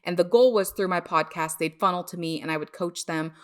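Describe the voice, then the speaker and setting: A woman's voice: on the low side, fairly quick. A woman hosting a solo podcast, talking in a candid, chatty way and laughing at herself now and then. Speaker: podcast host.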